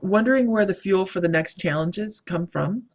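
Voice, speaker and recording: During a live reading, a woman working as a psychic medium meanders and halts as she speaks, in a mid-range voice. She reads out viewers' comments and greets each person by name.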